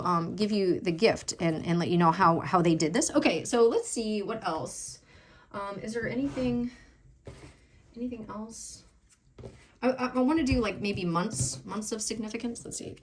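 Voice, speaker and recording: A woman lays out tarot cards and talks through their messages in a casual, emotional way. She fills her speech with ums, repeated words and soft exclamations while she reads the cards aloud. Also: medium pitch, slight background noise. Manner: emotional, many fillers and restarts, exclamations. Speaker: tarot reader.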